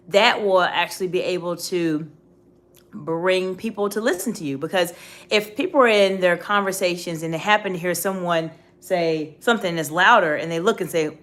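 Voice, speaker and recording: A woman's voice: on the low side, a bit bright. A middle-aged woman coaching viewers on a livestream, emphatic and speaking straight to her audience with frequent questions. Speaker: executive communication coach.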